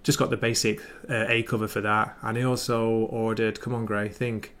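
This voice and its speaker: A man's voice: fairly low pitch, little pitch movement, moderate pace, fairly bright tone. Chatty enthusiastic man on a livestream. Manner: chatty, enthusiastic, rambling asides. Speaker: comic book livestream host. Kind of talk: casual chat. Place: home livestream setup with ring light.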